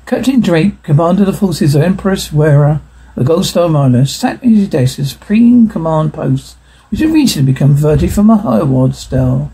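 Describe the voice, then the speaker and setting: Guy reading a sci-fi ebook aloud, very husky, mellow voice. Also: on the high side, expressive, normal speed, low-quality recording. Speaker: narrator. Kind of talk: audiobook reading.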